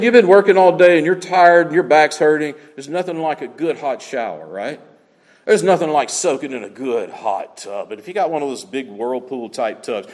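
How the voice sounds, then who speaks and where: A man preaching in a high, animated voice that leaps and dips from phrase to phrase. He leans on single words and repeats them for weight. A long hall reverb trails behind him. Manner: emphatic preaching, repeats key words for effect. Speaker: pastor. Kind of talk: sermon.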